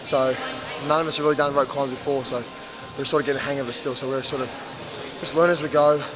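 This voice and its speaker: A man's voice: medium pitch, quick pace, rough recording. An Australian man who coaches and owns a gym, chatting casually between workouts and calling out counts to his team. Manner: relaxed and chatty, full of fillers, calls out counts loudly during drills. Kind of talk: casual vlog talk and coaching a group. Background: loud hip hop music.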